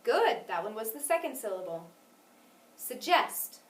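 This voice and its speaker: A woman teaching a phonics lesson, patient and clear, stressing syllables carefully and encouraging her student. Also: on the high side, very animated, normal speed, distant mic. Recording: echoey room, voice from off mic.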